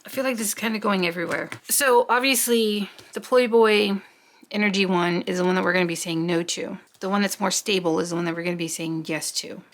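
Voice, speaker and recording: A woman's voice: medium pitch, brisk. A woman giving a casual tarot reading, chatty and rambling, often talking to herself and swearing offhandedly. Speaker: tarot reader.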